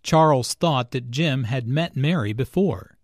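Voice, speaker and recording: A man reading English lesson notes in a careful, clearly enunciated scripted narration. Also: mid-range voice, measured pace, no echo, clean studio sound. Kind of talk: slow scripted teaching narration.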